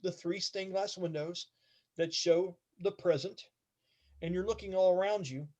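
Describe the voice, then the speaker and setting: A man's voice: high-pitched, a little slow, darkish tone. A man narrating as game master in a casual, rambling way, swearing now and then.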